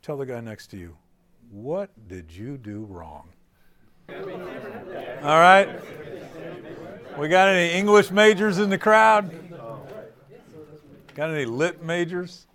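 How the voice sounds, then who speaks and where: A middle-aged man teaching preachers in a playful live talk, quizzing the audience and swinging between loud and soft delivery. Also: high-pitched, lively intonation, slow, long pauses, a faint crowd.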